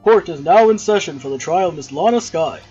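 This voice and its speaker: A woman with a husky voice voicing a stern older male judge, deliberate and solemn, on dull lo-fi audio. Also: on the low side, lively intonation, mellow, faint music behind.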